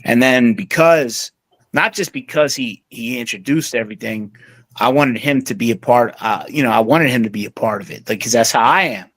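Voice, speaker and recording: Brief: casual male guest, medium pitch, loose rambling chat, dry close mic. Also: normal speed, fairly bright tone, no room sound. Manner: rambling, many fillers and restarts. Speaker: interview guest, music producer.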